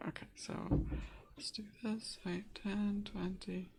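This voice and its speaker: A woman's voice: mid-range voice, little pitch movement, slow pace, gravelly, darkish tone, a little hiss or hum. A woman running a tabletop game as game master, describing scenes hesitantly with many fillers and restarts.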